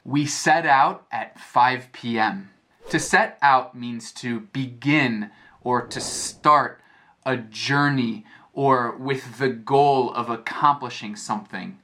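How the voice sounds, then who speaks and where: An American man teaching a lesson as a story, speaking clearly and repeating phrases to explain them. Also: medium pitch, pushed and bright. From United States. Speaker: English teacher. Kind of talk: slow storytelling lesson for learners.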